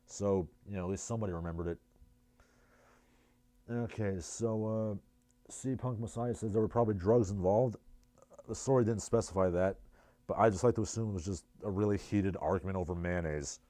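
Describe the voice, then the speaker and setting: Low, mellow New Jersey man. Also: moderate pace, dry recording. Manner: sardonic, rambling asides. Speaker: livestream host. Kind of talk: casual livestream chat, reading chat messages.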